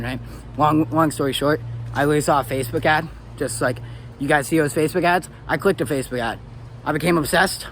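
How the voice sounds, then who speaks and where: A young man from Arizona in his twenties tells his life story as a motivational speaker, animated and swearing freely. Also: on the high side, slight background noise. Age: 20s. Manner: animated and swearing, rising to excited peaks. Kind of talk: personal story monologue.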